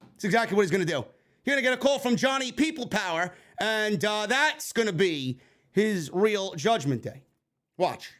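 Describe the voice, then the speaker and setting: A high-voiced man from New York hosts a wrestling review livestream, ranting live at a moderate pace in casual, profane commentary. He's excitable, swears constantly, and bursts into shouting.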